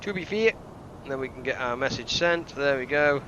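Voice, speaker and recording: A man from the UK giving chatty, excitable live commentary while streaming a game and greeting viewers. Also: medium pitch, brisk. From United Kingdom. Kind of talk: casual live gameplay commentary. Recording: slightly dull stream mic with faint hiss.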